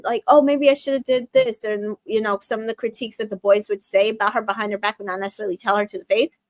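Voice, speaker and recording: Her voice is fairly high and a bit bright, recorded dry. She's hosting a laid-back TV recap, emotionally invested and chatty, often using fillers and correcting herself.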